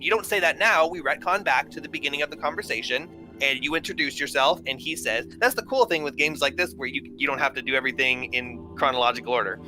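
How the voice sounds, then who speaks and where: A man's voice: mid-range voice, quick pace, few pauses, music in the background. A man narrating a tabletop role-playing game as game master, rambling with many fillers. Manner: rambling, filler-heavy, laughs often.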